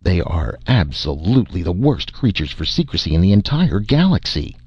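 A man's voice: deep voice, big pitch swings, normal speed, dry recording, dull audio, full character voice. A man voicing a gloomy, exasperated alien base commander who overstates everything. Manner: despairing, exasperated.

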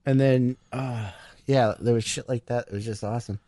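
A man's voice: mid-range voice, fairly even intonation, normal speed, warm tone, no room sound. A man co-hosting a casual film chat, laid-back and agreeable, often backing up his partner. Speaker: podcast co-host.

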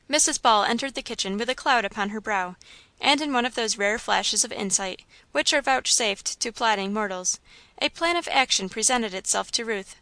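A woman's voice: on the high side, normal speed, bright, forceful tone, no echo. A woman reading a novel aloud as scripted narration, lightly shading the characters' dialogue. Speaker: audiobook reader.

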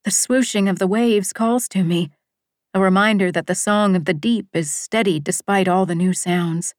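Hushed, lyrical woman narrator. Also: mid-range voice, moderate pace, no room sound, studio quality. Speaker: audiobook narrator. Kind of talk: first-person novel narration.

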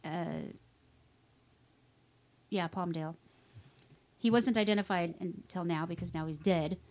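A woman's voice: fairly low pitch, measured pace, a little mellow. Sarcastic woman reading the news. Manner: sarcastic, wry asides. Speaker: podcast co-host. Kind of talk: casual chat, reading news stories.

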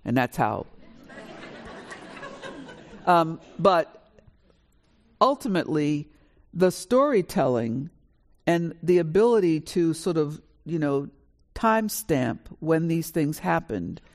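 A woman in her sixties shares her family story on stage at a live panel. She is from New York and speaks with lively, animated energy. She acts out the dialogue as she goes. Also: low-pitched, slow, long pauses, a faint crowd. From New York, USA. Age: 60s. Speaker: author on a panel. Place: college auditorium with a live audience.

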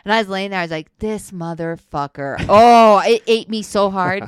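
A woman co-hosting a casual chat about her relationship, animated and laughing, swearing freely as she tells stories. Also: medium pitch, fairly quick, smooth, dry recording, clean studio sound. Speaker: co-host.

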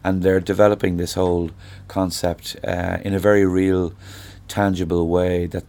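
Irish singer-songwriter in his sixties, low voice, thoughtful unhurried storyteller in an interview. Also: little pitch movement, a little mellow. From Ireland. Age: 60s. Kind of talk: reflective conversational interview.

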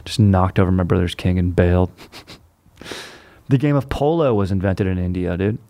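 Here a young man's deep, warm voice carries a laid-back, foul-mouthed chat at a moderate pace. He keeps saying "dude" to everyone while wandering from story to story, with no echo on the audio.

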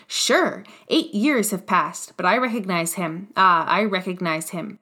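A woman's voice: lowish voice, a little slow, sharp tone. A woman reading a scheming, domineering poor man in an audiobook, with emphatic, triumphant delivery. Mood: gloating.

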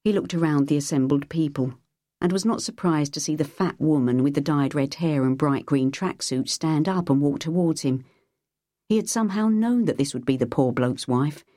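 Reading an audiobook at an even, measured pace, a woman speaks in a deep voice. The studio-quality audio carries no echo.

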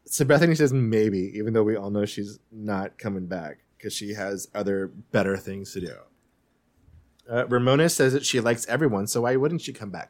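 Guy on a podcast recapping reality tv, kinda low voice, chatty and quick with asides. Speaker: podcast co-host. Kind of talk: casual chat recapping a TV show.

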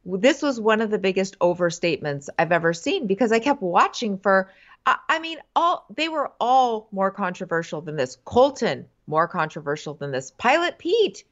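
A woman's voice: medium pitch, very animated, moderate pace, dull audio. Exasperated, sarcastic woman podcast co-host. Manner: sarcastic, exasperated ranting, swears. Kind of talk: casual chat.

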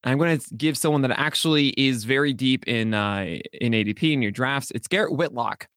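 A man appearing as a guest analyst on a podcast, explaining eagerly and quickly. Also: medium pitch, fairly bright tone, no echo, clean studio sound. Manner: eager, rapid-fire explainer.

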